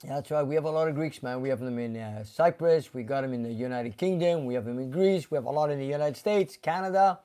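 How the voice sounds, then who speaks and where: A man's voice: mid-range voice, fast, hardly any pauses, dark tone, clear, resonant tone. A man hosting a casual live stream from a garage, reading viewer comments aloud and chatting about them, sometimes slipping into Greek. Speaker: host reading live chat. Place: car garage shop.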